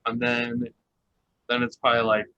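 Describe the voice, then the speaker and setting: A man's voice: medium pitch, monotone, normal speed, sharp tone, clear, resonant tone, lo-fi sound. A man co-hosting a podcast, recapping a reality show in a chatty, casual way with lots of fillers and laughter. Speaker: podcast co-host.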